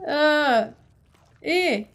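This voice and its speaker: A young adult woman co-hosting a reaction video, making quick playful quips in casual chat. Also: high-pitched, animated. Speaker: co-host reacting to a cartoon.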